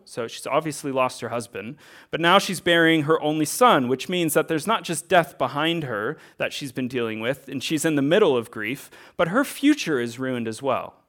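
A man's voice: on the high side, fairly bright tone. A man in his thirties giving a sermon as a pastor, earnest and conversational, asking rhetorical questions.

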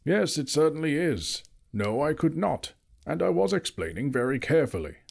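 A man's voice: medium pitch, lively intonation, moderate pace, a little mellow. A man reading aloud, voicing an old male wizard who lectures emphatically and turns cross easily. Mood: stern.

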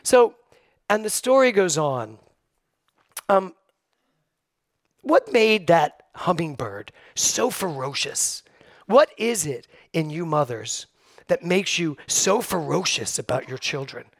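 A middle-aged man preaching a Sunday sermon, telling personal stories with lively, acted-out quotes. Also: on the high side, takes it slowly, pauses often, no echo, studio quality. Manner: storytelling, animated, acts out quoted voices. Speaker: minister. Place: church sanctuary.

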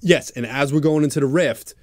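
Laid-back man with deadpan asides. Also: on the high side, fairly quick, no echo. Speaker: podcast co-host. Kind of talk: improvised comedic storytelling chat.

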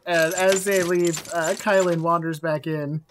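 A woman narrating a tabletop game as game master, relaxed and laughing often. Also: lowish voice, measured pace, slight background noise.

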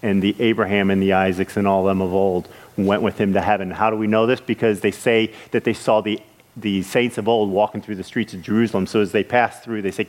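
A man with a fairly low voice preaches a sermon in an earnest way. He stops and restarts now and then, and his voice rises with energy as he retells scripture scenes. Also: fairly even intonation, fairly quick.

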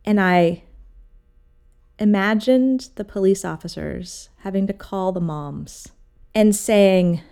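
A woman sculptor talking in a casual interview, telling stories in an animated way and acting out what others said. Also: medium pitch, slow, creaky, clear, resonant tone. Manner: animated storytelling, acts out quoted voices. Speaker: sculptor, guest.

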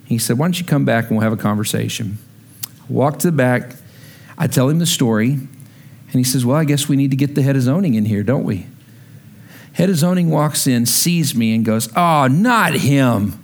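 A man preaching a sermon as pastor, telling a story and acting out the dialogue, rising to shouts when heated. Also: mid-range voice, a little fast, creaky.

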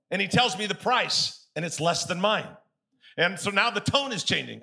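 Animated pastor with a gravelly, bright voice. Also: male voice, high-pitched, brisk. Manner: animated storytelling, acts out both sides of conversations; calls on the congregation to answer aloud. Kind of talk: sermon.

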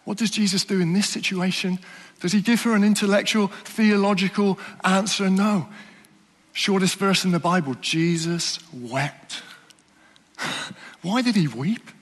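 A man preaching a sermon in a church, earnest and questioning, often dropping to soft, slow emphasis. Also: sits high, long reverb tail.

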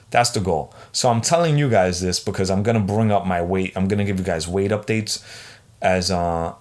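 Male podcast host, about forty, slightly low voice, swearing, exasperated solo rant. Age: 40s.

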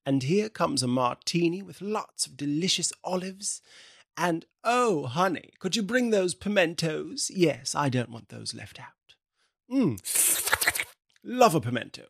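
A man doing a posh, toothy socialite who talks through clenched teeth behind a bright smile and calls everyone darling and honey. His voice leaps up and down with a gravelly edge, close and dry on a podcast mic. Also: on the high side, big pitch swings, unhurried, no room sound, exaggerated voice. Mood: indulgent.

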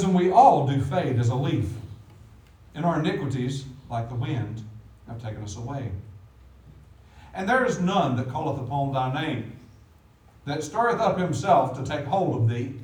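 A man preaching a sermon as pastor, animated, with big swings in loudness. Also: on the high side, recorded from a distance. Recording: echoey room, voice from off the mic.

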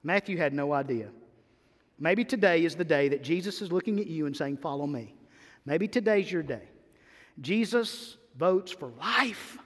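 A man preaching a sermon to a church congregation, swinging between loud emphatic bursts and hushed, drawn-out phrases. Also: a little high. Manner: animated preaching with sudden loud and soft swings. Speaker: pastor. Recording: long hall reverb.

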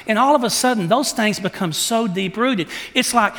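A man preaching a sermon, asking the congregation rhetorical questions and acting out quotes with animated delivery. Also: high voice, normal speed, hardly any pauses, big-room sound. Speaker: pastor.

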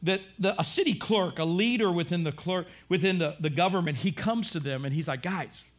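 A man preaching a sermon, telling the story in an animated way, acting out voices and rising to shouts. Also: high-pitched, a little fast. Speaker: pastor.

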